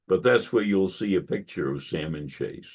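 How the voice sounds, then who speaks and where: A man giving a history lecture to a club audience, measured and given to wry asides. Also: deep voice, lively intonation, creaky, darkish tone. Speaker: guest lecturer. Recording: dull lo-fi recording.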